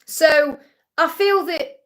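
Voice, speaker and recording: Brief: woman, high voice, live-stream psychic reader, gentle chatty delivery with frequent check-ins. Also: slow. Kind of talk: live-stream tarot reading.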